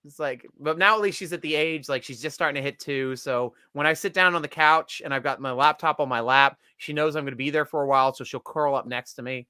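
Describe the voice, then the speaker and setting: Bright, joking man hosting a podcast. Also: a little high, fast, few pauses, clean tone, dry recording, studio quality. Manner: jokey, laughs a lot, announcer-style guest intros. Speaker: podcast host. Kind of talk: casual chat.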